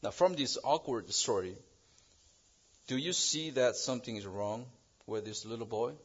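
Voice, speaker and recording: Halting male preacher, dull lo-fi sound. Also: slightly rough. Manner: halting, restarts phrases, rises in pitch and volume on key words. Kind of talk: sermon with an illustrative story. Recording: dull lo-fi recording.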